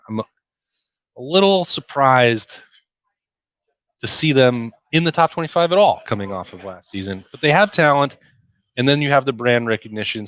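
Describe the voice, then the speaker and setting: A man's voice: mid-range voice, fairly bright tone, no room sound. A man co-hosting a casual sports podcast, reading out a list with dry jokes in between. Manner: dry joking, reads out a list. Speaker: podcast co-host.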